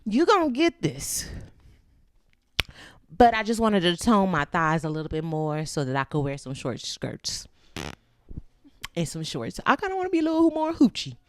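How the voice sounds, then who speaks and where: A woman's voice: sits low, big pitch swings, normal speed, clean tone, dry recording, clean studio sound. A woman hosting a show in a casual chat, candid and profane, laughing often as she rambles while walking and tending her baby. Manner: candid and profane, with loose chatty tangents. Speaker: host.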